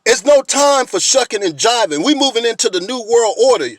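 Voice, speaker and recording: Fired-up man ranting, high-pitched and dry. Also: animated, brisk, no room sound. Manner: blunt, fired-up, profane, keeps repeating "you know what I mean". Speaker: video blogger. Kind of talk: impassioned direct-to-camera rant.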